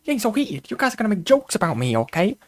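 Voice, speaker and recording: A streamer putting on a fast, exaggerated mobster-style impression of a heated man, mocking him on a commentary stream. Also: medium pitch, sing-song, pitched above the performer's own voice. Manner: fast, exaggerated mock rant. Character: mocking Sopranos-style heated tough guy, male.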